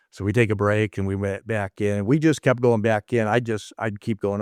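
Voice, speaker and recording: Low-voiced man telling martial arts stories. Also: fairly even intonation, moderate pace, a little mellow, no room sound, studio quality. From United States. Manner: rambling anecdotes, acts out quoted dialogue. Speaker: interview guest, martial arts instructor. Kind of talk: casual storytelling.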